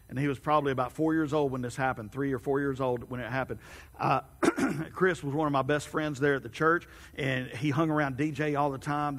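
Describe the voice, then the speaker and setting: A middle-aged man preaching a sermon, telling stories and then pressing his points with emphasis. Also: mid-range voice. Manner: storytelling, rising to emphatic preaching. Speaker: pastor. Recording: long hall reverb.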